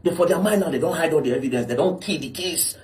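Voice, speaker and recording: A man with a Nigerian accent giving casual commentary, animated and addressing viewers as bro, slipping into Pidgin. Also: fairly high pitch, fast talker.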